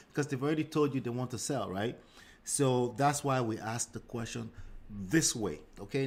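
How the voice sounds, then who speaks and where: A man teaching a live real estate session in a relaxed coaching manner, acting out calls to sellers. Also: medium pitch.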